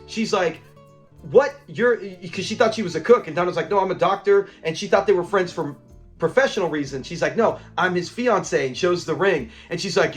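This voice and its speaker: High-voiced man recapping a sitcom. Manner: animated retelling, acting out lines, laughing. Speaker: show review channel host. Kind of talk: casual episode recap.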